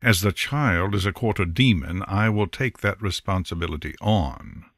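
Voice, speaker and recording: A man's voice: low-pitched, expressive, moderate pace, a bit bright, no room sound, studio quality, exaggerated voice. A man voicing the crown prince of Hell, courteous and persuasive as he addresses a court.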